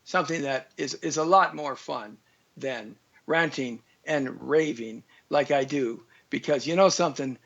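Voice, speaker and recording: A man's voice: mid-range voice, measured pace, vocal fry, fairly bright tone, muffled recording. A man hosting a live talk show, ranting in a frustrated monologue.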